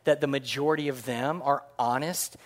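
A man preaching a sermon as pastor, animated and jokey, swinging from loud punchlines to quiet earnest points. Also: medium pitch, moderate pace. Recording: long hall reverb.

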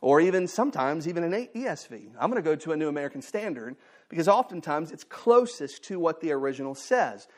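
A man's voice: on the high side, sing-song, quick pace. A middle-aged male pastor preaching a sermon in a conversational, playful teaching manner.

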